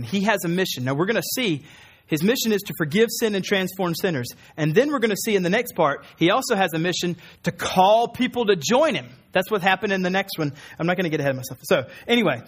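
A man preaching a sermon, earnest, repeating key phrases for emphasis. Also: high-pitched. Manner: acts out quoted voices in a raised tone. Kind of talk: sermon teaching.

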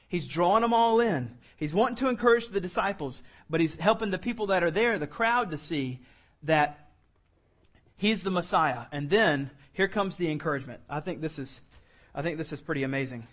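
Male pastor, high voice, casual joking sermon delivery. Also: lively intonation, normal speed, a bit bright. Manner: conversational, joking asides. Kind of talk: sermon, verse-by-verse Bible teaching. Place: church room.

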